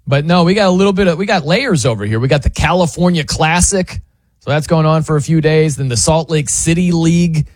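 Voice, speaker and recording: On his sports radio show, this fairly high-pitched male host tells a story in a loose, joking way, voicing the quotes himself. The casual monologue is lively and studio-clean, with no echo at all.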